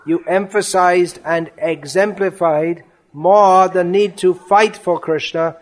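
A man giving a spiritual lecture, reading a devotional offering aloud in an earnest, measured way. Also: high-pitched, steady tone.

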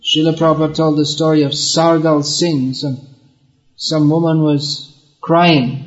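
A man delivers a devotional lecture in a fairly high voice, earnest and explanatory, often doubling back on his words. The recording sounds dull and lo-fi, like an old lecture tape. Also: little pitch movement, unhurried. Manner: chants verses in Bengali. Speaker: spiritual teacher.

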